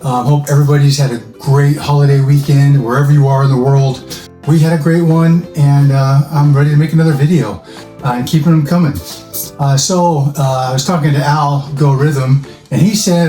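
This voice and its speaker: A man's voice: a little high, fairly even intonation, normal speed, dark tone. A man hosting a casual workshop vlog about building models from scrap, chatty, rambling and self-amused. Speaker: toy-scrap model builder, channel host. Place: home workshop at a workbench. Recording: echoey room with faint music.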